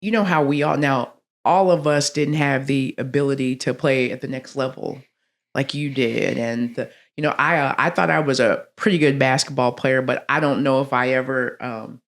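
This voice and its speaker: A woman, a podcast guest telling stories expressively and acting out quoted lines, with frequent laughter. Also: normal speed. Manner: expressive, acts out quotes with big pitch swings, laughs often. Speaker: guest, athletics director. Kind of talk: animated storytelling in conversation.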